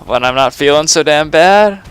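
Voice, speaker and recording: Tipsy late-teen guy, slow and rambling, crisp bright voice, swears and sighs between lines. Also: fairly high pitch, animated. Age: late teens. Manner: rambling, profane, laughs and sighs between phrases. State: tipsy from drinking. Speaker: gamer recording a personal vlog. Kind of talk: rambling confessional monologue.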